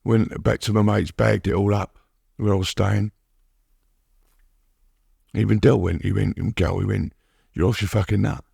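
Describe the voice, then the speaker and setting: A middle-aged man, a guest telling his story haltingly, repeating words and saying "you know what I mean" often. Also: lowish voice, little pitch movement, gravelly, mellow, slightly rough, dry recording, clean studio sound. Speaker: podcast guest. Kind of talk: candid recovery interview.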